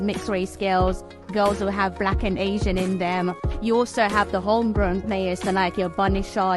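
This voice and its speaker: Woman in an interview clip, explains things clearly, mid voice, music playing clearly under her. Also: medium pitch. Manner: articulate, explanatory.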